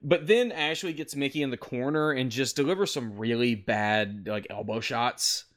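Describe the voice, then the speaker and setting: Bright-voiced man recapping in casual chat. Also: medium pitch, normal speed. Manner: recaps at length with many fillers, swears freely. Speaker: podcast host recapping wrestling.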